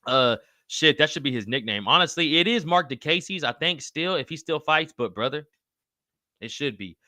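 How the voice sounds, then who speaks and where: On a live podcast stream, a man reads the chat and reacts in a loose, excitable way, cursing freely and calling everyone "brother." His voice sits a little high, his pace is moderate, and there's no echo.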